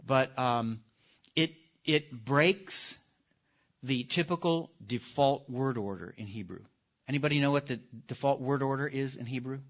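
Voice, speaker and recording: A man teaching a live class in a lively lecture, putting questions to the audience and stressing key words. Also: mid-range voice, a little slow. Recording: dull lo-fi recording.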